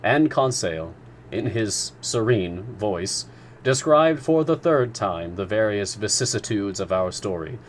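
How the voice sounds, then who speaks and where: A man narrating a classic novel in a live reading, measured and expressive. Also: fairly low pitch, a little hiss or hum. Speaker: storyteller.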